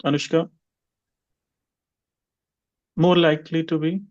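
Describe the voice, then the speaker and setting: A man's voice: fairly high pitch, little pitch movement, slow, highs cut off. A man teaching an online English pronunciation class, calling on students by name and having them repeat words. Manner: questions students by name, drills repetition.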